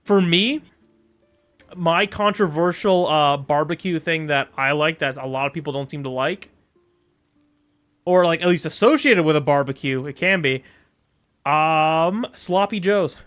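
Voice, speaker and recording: A man from Europe with a fairly high voice chats loosely as he streams a game, joking and rambling and breaking into laughter often. Faint game music plays under his talk. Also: unhurried, long pauses, fairly bright tone. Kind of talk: casual gameplay commentary.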